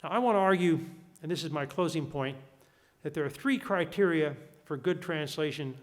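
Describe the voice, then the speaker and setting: Older man giving an academic lecture. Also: fairly high pitch. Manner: measured, reads passages aloud, frequent restarts. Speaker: guest lecturer.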